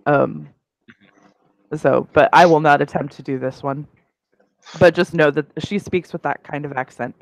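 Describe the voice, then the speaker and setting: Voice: mid-range voice, steady tone, unhurried, creaky, long pauses, dry recording, poor audio. A player in a tabletop game who laughs often and swears casually, describing a character. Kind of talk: tabletop role-play chat.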